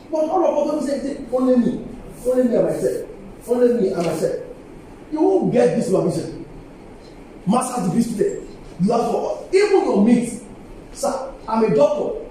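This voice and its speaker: In a university lecture hall, an older Nigerian English–accented man lectures colleagues in a lively seminar, coaxing the audience and returning to key phrases with emphasis. His mellow voice is extremely high in pitch. A little hiss or hum and faint ambience come through the distant, echoey recording.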